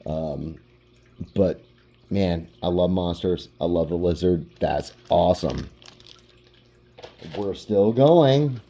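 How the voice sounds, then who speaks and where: A man with a very dark, low voice hosting a casual collecting vlog. He talks slowly and unhurriedly. His speech rambles and is peppered with "like". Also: slight background noise. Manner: relaxed, rambling, lots of "like". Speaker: comic book collector.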